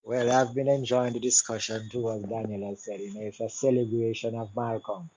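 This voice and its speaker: Soft-spoken low-voiced man, flat delivery. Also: fairly quick, poor audio. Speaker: panel guest. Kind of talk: panel discussion.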